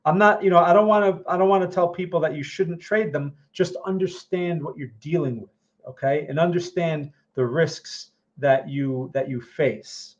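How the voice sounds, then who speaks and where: Guy walking through trading charts live, kinda high voice, keeps saying right? okay?, muffled lo-fi sound. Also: normal speed. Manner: repeats and restarts phrases while thinking aloud. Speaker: market analyst host. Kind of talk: live chart analysis answering viewer questions. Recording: dull lo-fi sound.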